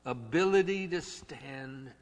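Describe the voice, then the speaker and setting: A man preaching a sermon, swinging from hushed, low phrases to loud shouted ones and drawing key words out slowly. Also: lively intonation. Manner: slow, drawn-out emphasis on key words. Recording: long reverb of a large hall.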